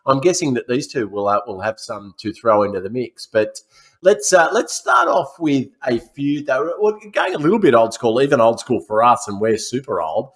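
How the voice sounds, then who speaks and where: A man's voice: mid-range voice, lively intonation, normal speed. Swearing, jokey podcast co-host man. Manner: loose, swearing, jokey segment presenting. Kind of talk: casual film podcast chat.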